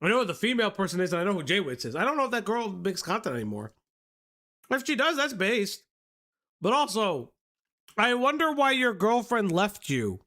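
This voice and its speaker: A streamer reacting to a video with loud, crude, excitable outbursts. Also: mid-range voice, moderate pace.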